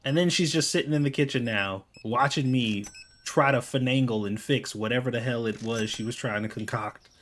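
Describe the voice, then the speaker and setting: A man's voice: mid-range voice, normal speed, a bit bright, slight background noise. A man in the middle of his range tells stories casually over gameplay. He swears freely and sounds exasperated, breaking into laughter often. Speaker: gaming video creator.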